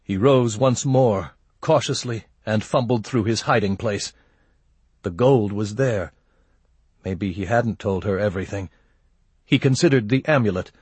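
A man narrating a story in a measured, steady way. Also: lowish voice, breathy edge, no echo. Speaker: audiobook narrator. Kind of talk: scripted narration.

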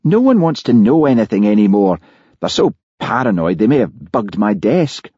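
Man doing a gruff detective, morose, snarling, raised pitch, husky. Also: big pitch swings, normal speed, warm tone, no room sound, dull audio. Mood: gloomy. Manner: snarling, weary, self-pitying. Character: gruff hard-drinking male Scottish detective, morose.

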